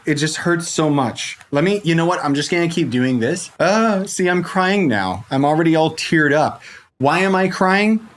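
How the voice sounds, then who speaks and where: A man's voice: on the high side, slight background noise. Joking man narrating a game guide. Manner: joking, self-mocking, rambling asides. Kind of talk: casual gameplay tutorial. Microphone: desk microphone.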